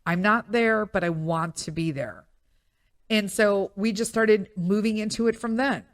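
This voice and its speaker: A woman's voice: mid-range voice, unhurried, no room sound, studio quality. A woman podcast host in her thirties telling a personal story in a candid, emotional monologue, often near tears. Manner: emotional, tearful storytelling with frequent fillers. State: crying.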